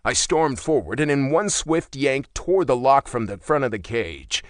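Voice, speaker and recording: A man reading a first-person romance audiobook with dramatic, expressive delivery. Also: mid-range voice, a little slow, no echo, clean studio sound. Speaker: audiobook narrator.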